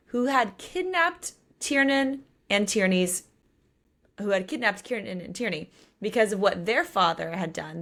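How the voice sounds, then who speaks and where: A woman's voice: mid-range voice, fairly bright tone. A woman co-hosting a podcast, casually recapping a novel's plot in a chatty way. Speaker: podcast co-host. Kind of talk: casual book discussion.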